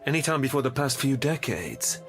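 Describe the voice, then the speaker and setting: A man's voice: medium pitch, very animated, fairly quick, over music. An actor playing an absent-minded, centuries-old male time traveller who talks in a vague, rambling, whimsical way, in an audio drama. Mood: thoughtful.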